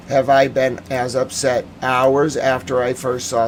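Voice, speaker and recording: Male stream host, mid-pitched voice, heated and emotional commentary, reads chat aloud. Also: little pitch movement, measured pace, hardly any pauses, slight background noise. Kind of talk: live-stream news commentary.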